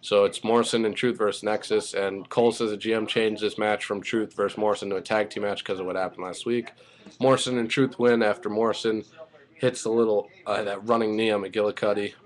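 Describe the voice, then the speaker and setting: A man giving a casual spoken recap of a wrestling show, rambling and excitable, swearing freely as he goes. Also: fairly low pitch, a little fast.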